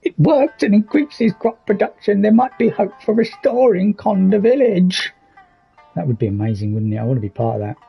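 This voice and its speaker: A man voicing an aged, frail male village elder in a squeaky, quavering voice. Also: lively intonation, normal speed, gravelly, breathy edge, highs cut off, faint music behind, heavily acted. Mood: hopeful, worried. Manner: quavering, wheezy old-man voice.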